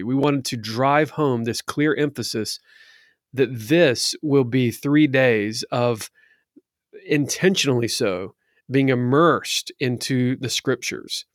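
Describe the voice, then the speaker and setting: A church elder, a man, giving an earnest, measured account that stacks up lists for emphasis. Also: mid-range voice, no room sound, clean studio sound. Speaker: church elder and conference organizer. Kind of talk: reflective spoken account.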